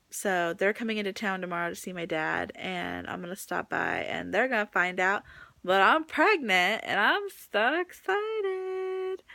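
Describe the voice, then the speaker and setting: A young woman who is pregnant chats casually into her phone camera for a vlog, a little teary and peppering her talk with likes and ums. Her medium-pitched voice has vocal fry and a fairly bright tone, with no room sound.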